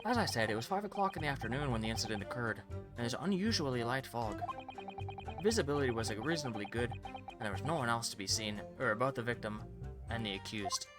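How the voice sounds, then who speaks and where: A man's voice: medium pitch, expressive, quick pace, close to an everyday voice. Brief: man voicing an Irish-accented police inspector, plain report, game music behind. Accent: put-on Irish.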